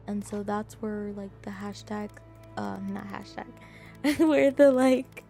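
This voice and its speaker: A young woman streaming a game live, chatting with viewers in an excitable, playfully indignant way that jumps into squeals. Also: mid-range voice, vocal fry.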